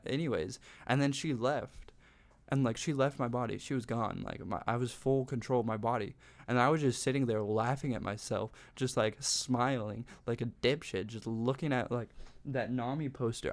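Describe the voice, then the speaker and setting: Young guy rambling about his life from his bedroom, says like a lot, swears. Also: mid-range voice. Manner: rambling, heavy use of "like", sweary. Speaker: vlogger. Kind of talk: casual storytelling to camera.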